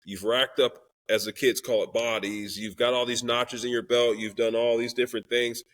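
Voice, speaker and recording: A young man talks earnestly and with feeling in a candid interview, pitched at a middle level. He drops into the voices of the people in his story as he tells it, and his delivery stays open and heartfelt. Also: flat delivery, normal speed, a bit bright. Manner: earnest and emotional, acts out quoted dialogue. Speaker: podcast guest, Christian rapper.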